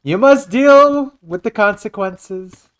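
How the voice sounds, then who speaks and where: Man putting on a grandiose bragging politician, high-pitched, loud, pompous. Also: expressive, takes it slowly, clear, resonant tone, full character voice. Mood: boastful. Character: boastful older male politician impression.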